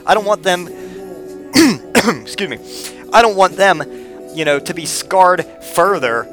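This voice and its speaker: A man's voice: high voice, lively intonation, measured pace, a bit bright, faint music behind. A man in his thirties telling a personal story in a rambling, profane way, often repeating words. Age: 30s.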